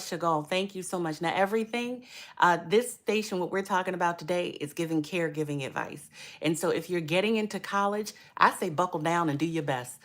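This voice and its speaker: A middle-aged woman giving caregiving advice on a live stream, chatty, repeating words for emphasis and greeting viewers by name. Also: on the low side. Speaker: caregiver coach.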